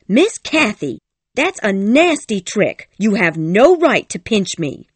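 A stubborn young housekeeper, stiffly polite and quick to take offence, as a man puts her on. Her voice sits high and swings widely in pitch. The storybook reading sounds close and dry. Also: sing-song, no echo. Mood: indignant.

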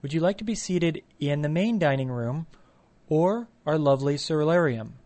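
A man's voice: a little high, lively intonation, moderate pace, darkish tone, lightly acted. A man voicing a formal, fussy male maitre d' who keeps offering choices. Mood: courteous. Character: overly polite male restaurant maitre d'.

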